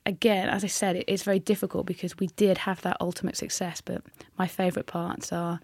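A woman, a hockey player telling her story candidly in an interview, with frequent halting restarts. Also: on the low side, level tone, a little mellow, no room sound, studio quality.

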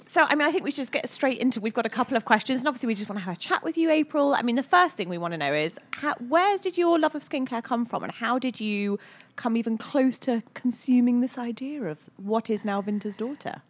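A woman's voice: a little high, expressive, quick pace. A woman co-hosting a beauty podcast, putting eager questions to a guest in a hotel room. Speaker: podcast co-host interviewer. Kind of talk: interview questions.

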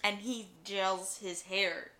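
A woman's voice: mid-range voice, steady tone, slow pace, crowd noise. A woman co-hosting a podcast in casual chat, making dry, blunt remarks. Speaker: podcast co-host.

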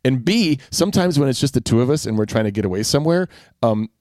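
A middle-aged man co-hosting a podcast in casual chat, sincere and reflective, with halting restarts. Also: medium pitch, animated, a little mellow, dry recording, clean studio sound. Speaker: podcast co-host.

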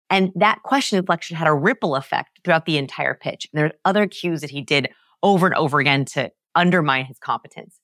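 Woman, low pitch, dry close mic, animated explainer, emphatic storytelling. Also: brisk, no echo. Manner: lively, emphatic, swings pitch high to act out examples. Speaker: podcast guest, communication researcher and author.

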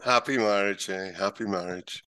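A man's voice: on the low side, moderate pace, sharp tone, smooth. A man co-hosting a comedy podcast, making chatty, wry asides. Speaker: podcast co-host. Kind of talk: casual comedy podcast chat.

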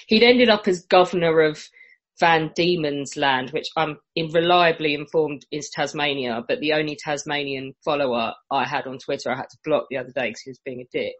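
A low-pitched woman with a husky edge to her voice. She rants bluntly and sarcastically, swearing freely as she tells a history story on a casual podcast. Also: normal speed, poor audio. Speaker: podcast co-host presenting a history topic. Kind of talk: casual comedic podcast chat.

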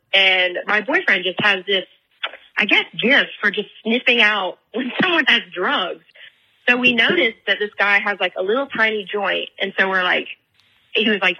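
Young woman caller, very bright husky voice, chatty storyteller full of fillers. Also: medium pitch, low-quality recording. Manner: chatty, filler-heavy, animated retelling.

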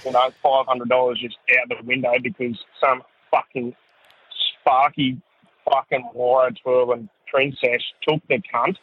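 A man's voice: medium pitch, level tone, a little slow, husky. An Australian man leaving a sweary, aggrieved whinge as a caller. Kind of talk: ranting phone voicemail. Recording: tinny phone line.

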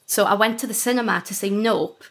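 A young woman in her twenties, a comedian chatting as an interview guest. Her voice sits at a middling pitch for a woman, and she tells her stories in a lively, rambling way, full of "like" and quick laughs. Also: gravelly. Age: 20s. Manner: chatty, animated storytelling with frequent "like" and laughter. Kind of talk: casual interview chat.

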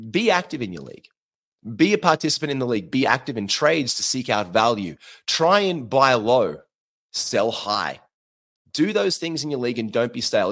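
A man's voice: medium pitch, a bit bright. A young Australian man hosting a fantasy basketball podcast, giving chatty, slangy, coaching advice in a casual talk.

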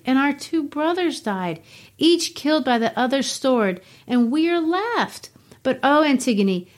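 A woman's voice: a little high, pitched above the performer's own voice, close to an everyday voice. A woman reading the part of a fearful, timid young woman, pleading anxiously in a classroom play reading. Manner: pleading, anxious read-aloud.

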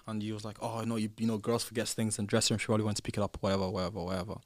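Racing through his story, a young British man with a lowish voice is recorded with no room sound. He appears as a podcast guest, formerly on a reality show, and retells events in an animated, casual way, acting out conversations and getting loud when heated.

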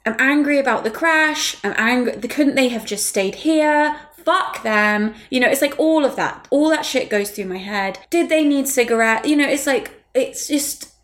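A woman in her thirties speaks with a fairly high voice in a casual, candid chat. She is blunt and swears freely, and her pitch climbs when she gets heated. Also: normal speed, few pauses, a bit bright. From England.

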